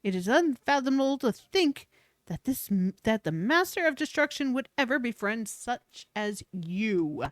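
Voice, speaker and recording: A woman's voice: on the high side, sing-song, unhurried, no room sound, studio quality. A woman reading a fanatical cult priestess's game lines aloud in a pompous, theatrical voice. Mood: indignant.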